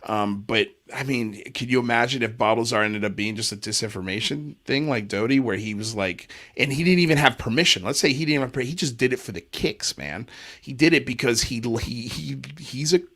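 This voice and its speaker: Bright-voiced laid-back male co-host. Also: medium pitch, a little fast. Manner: laid-back, says dude and man a lot. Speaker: livestream co-host. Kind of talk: casual chat.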